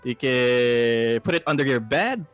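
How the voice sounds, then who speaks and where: A man's voice: lively intonation, measured pace, natural voice. A man doing an eager ice-selling merchant. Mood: salesy. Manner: eager sales pitch, rambling. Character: pushy male ice merchant, adult, salesy.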